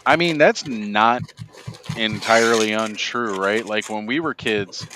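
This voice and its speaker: A man's voice: fairly low pitch, a little slow, noisy background. A man hosting a casual livestream chat over a video call, laid-back, laughing often and saying "like" a lot. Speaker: livestream host.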